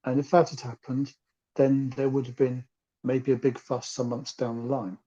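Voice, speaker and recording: Man breaking down the numbers, very dark husky voice, dull lo-fi sound. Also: medium pitch. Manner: analytical, methodical, wry. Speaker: campaign group member. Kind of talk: explaining in a meeting.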